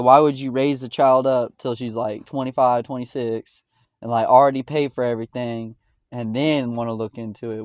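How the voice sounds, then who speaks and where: A man's voice: medium pitch, darkish tone, no echo, clean studio sound. A man hosting a podcast, reacting to clips in a blunt, profane, ranting way. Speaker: podcast host. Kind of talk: casual reaction commentary.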